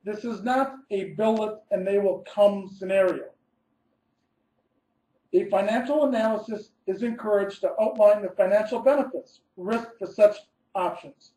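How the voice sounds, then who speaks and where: Mellow-voiced man presenting in a roomy echo. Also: high-pitched, moderate pace. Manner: methodical, reads through numbered steps and stresses key words. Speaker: architect presenting a webinar. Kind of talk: scripted webinar presentation.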